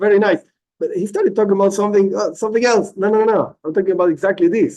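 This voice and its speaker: A middle-aged male rabbi gives a religious lesson in a somewhat high voice. He talks in an animated way, circling back over his phrases and repeating key words as he explains. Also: rapid-fire, low-quality recording. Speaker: rabbi teaching.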